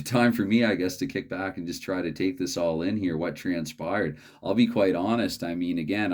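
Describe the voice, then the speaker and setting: A man hosting a solo tabletop hockey card game, calling the plays in a halting, dry play-by-play way. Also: sits low, darkish tone.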